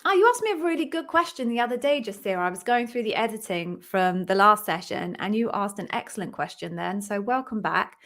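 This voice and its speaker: Woman host, live-stream Q&A, encouraging and upbeat coach, middle pitch. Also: animated, a little fast, hardly any pauses, a bit bright. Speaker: interview coach hosting a live Q&A.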